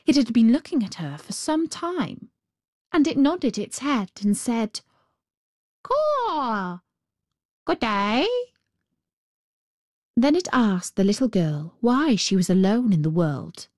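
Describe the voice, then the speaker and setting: A woman reading a fairy tale aloud as a storyteller, in a gentle, expressive way. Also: on the high side, measured pace, no echo, clean studio sound.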